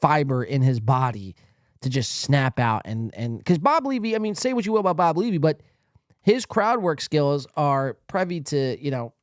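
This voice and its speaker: A man's voice: on the high side, lively intonation, moderate pace, no echo, studio quality. A man hosting a podcast, commenting casually on clips in a crude, rambling way with plenty of swearing. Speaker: podcast host.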